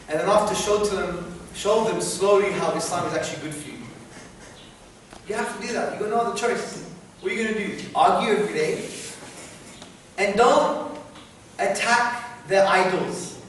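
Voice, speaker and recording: A man answering student questions in a university lecture hall, animated and often checking in with "yeah?". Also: sits high. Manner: animated, repeats "yeah?" to the audience. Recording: very echoey hall, noisy, from far off.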